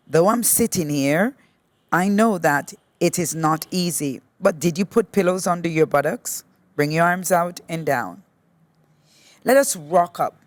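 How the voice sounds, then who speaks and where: Slow, low-voiced woman yoga teacher. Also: no echo. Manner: slow, patient step-by-step cueing; gently encouraging. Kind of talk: guided yoga class instruction.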